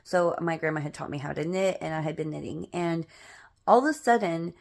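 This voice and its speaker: Woman, middle-aged, slightly low voice, casual ghost story, chatty, dramatic, lots of fillers. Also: a little fast, vocal fry, darkish tone.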